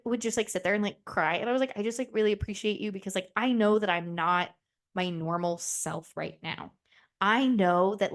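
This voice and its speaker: A young woman talks through a solo podcast in loose, candid chat. She swears freely and slips into quick voices for the people in her stories. Her voice sits in a middle register. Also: mid-range voice. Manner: chatty, candid and profane, acts out quoted voices. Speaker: podcast host.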